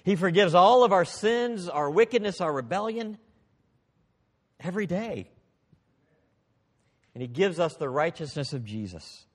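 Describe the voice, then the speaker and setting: A man preaching a sermon, expressive, swinging from loud emphasis to hushed, quiet passages. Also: high-pitched, unhurried, pauses often, husky, in a large hall.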